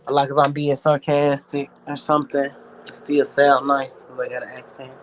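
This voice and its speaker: A man's voice: medium pitch, level tone, normal speed, fairly bright tone, a little hiss or hum, low-quality recording. A man with a Southern US accent, talking in a rambling, profane, reflective casual monologue as a streamer.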